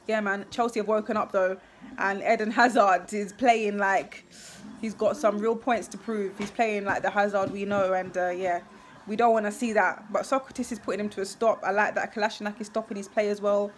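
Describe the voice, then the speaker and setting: A woman's voice: mid-range voice, fairly even intonation, moderate pace, a little hiss or hum. A young woman, a football fan giving a live, emotional match reaction full of exclamations and repeated phrases.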